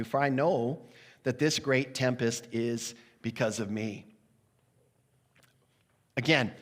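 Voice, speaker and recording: A man preaching a sermon as pastor, lively and conversational, briefly acting out the voices of the characters in his story. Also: mid-range voice. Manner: animated, acts out the sailors' voices with laughs. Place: church sanctuary. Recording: long hall reverb.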